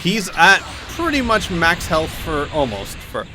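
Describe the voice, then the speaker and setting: A man giving excitable play-by-play commentary on video game matches, with quick exclamations at big hits. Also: on the high side, noisy background. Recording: game music playing behind. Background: video game music and effects.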